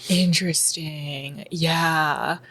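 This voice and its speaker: A woman from Dallas, a comedian chatting as a guest, with a soft, calm voice and very precise articulation. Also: deep voice, extremely slow. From Dallas, Texas. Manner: understated, deadpan. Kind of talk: casual conversation.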